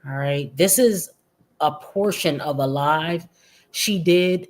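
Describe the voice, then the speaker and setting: A woman streamer reacting to posts in a brash, profane, mocking way. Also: sits low. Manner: slow-paced, drawn-out. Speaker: commentary streamer. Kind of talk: reaction commentary.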